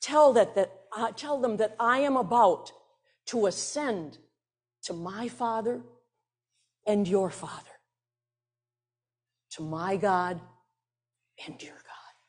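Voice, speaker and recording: A woman speaking as a gentle male teacher who gives calm, slow instructions in a sermon retelling. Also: medium pitch, slightly rough.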